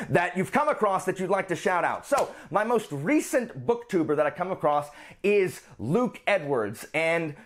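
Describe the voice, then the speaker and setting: A man chats to his viewers about books in a loose, rambling way with plenty of playful asides. His voice sits a little high and swings widely in pitch, so it sounds animated and upbeat. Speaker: book channel host. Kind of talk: casual chat.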